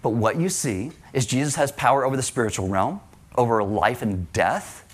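A male pastor preaching a sermon in an animated way, with joking asides and acted-out quotes. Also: mid-range voice, normal speed.

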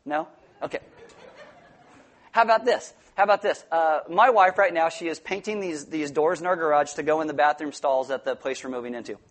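Lively high-voiced preacher man. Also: a little fast. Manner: lively, joking, acts out quoted voices. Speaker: pastor. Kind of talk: sermon.

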